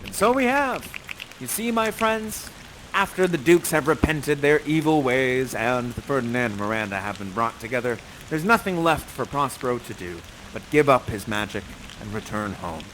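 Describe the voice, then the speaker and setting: A man's voice: mid-range voice, lively intonation, moderate pace, fairly bright tone, a little hiss or hum, poor audio. A man acting and hosting an interactive Shakespeare show, reciting verse and cheering on his audience in an effusive, encouraging way, on a headset mic with music behind. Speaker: actor and host of an interactive theater show.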